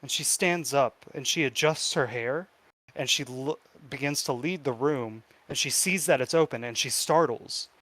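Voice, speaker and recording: A man narrating a tabletop game as game master with slow, descriptive storytelling. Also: mid-range voice, fairly bright tone.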